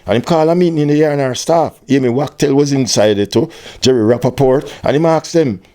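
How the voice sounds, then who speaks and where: An older Jamaican man telling an animated story in an interview, with patois phrasing, acting out other people's voices. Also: fast talker. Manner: animated storyteller, acts out quoted voices at high pitch. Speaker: interviewee, music tour manager.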